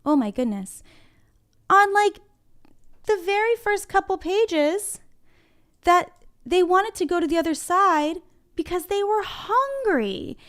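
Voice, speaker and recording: A woman's voice: very high voice, big pitch swings, slow, pauses often, a bit bright. A woman teaching a reading lesson to young children from her classroom, speaking encouragingly and directly to them. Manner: encouraging, talks straight to the children. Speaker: kindergarten teacher.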